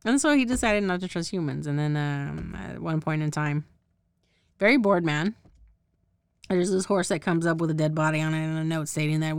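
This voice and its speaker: Rambling woman with a low, smooth voice. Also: moderate pace, darkish tone, no echo, studio quality. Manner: rambling, profane, laughs often; loses track of names and details. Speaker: podcast host. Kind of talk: casual show recap.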